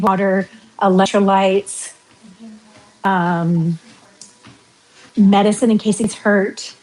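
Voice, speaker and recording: Middle-aged woman, West Coast American accent, rambling livestream chatter at an average pitch. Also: darkish tone, rough recording. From western United States. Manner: chatty, rambling, reads out viewer comments. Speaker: livestream vlogger. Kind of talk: casual livestream chat while walking.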